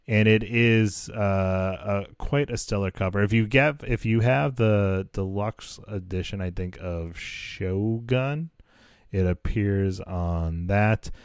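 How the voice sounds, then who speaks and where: Laid-back male podcast host, lowish voice, dry close mic sound. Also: takes it slowly, smooth, no echo. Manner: laid-back, laughs often, relaxed. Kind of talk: casual podcast chat.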